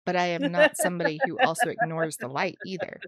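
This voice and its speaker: A woman's voice: on the low side, very animated, fast, crowd noise. Playful, laughing woman podcaster. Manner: playful, self-mocking, laughs often. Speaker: podcast co-host. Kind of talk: casual chat.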